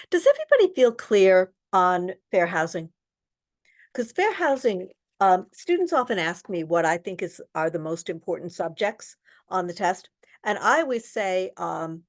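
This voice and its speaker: A woman instructor leading an online exam-prep lesson, reading out test questions and explaining the answers with frequent ums. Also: medium pitch. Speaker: real estate exam instructor.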